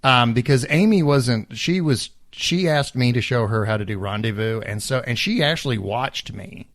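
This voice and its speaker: Male podcast co-host, relaxed rambling delivery with fillers, dry recording. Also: mid-range voice, moderate pace, dry recording. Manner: rambling, many fillers and restarts. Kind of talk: casual chat, reading listener letters.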